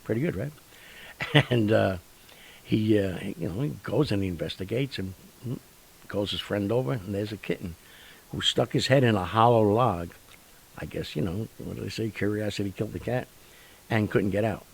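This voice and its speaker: A man hosting a show, telling stories in a rambling, animated way with lots of fillers and sound effects. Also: fairly low pitch, normal speed, vocal fry, husky, low-quality recording. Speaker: radio show host. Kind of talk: casual storytelling monologue.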